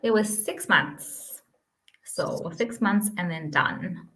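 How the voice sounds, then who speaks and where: A South African woman with a fairly low voice explains the steps of a process in a relaxed interview. She talks patiently and laughs easily. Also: takes it slowly. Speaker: pharmacist guest. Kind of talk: casual interview answers.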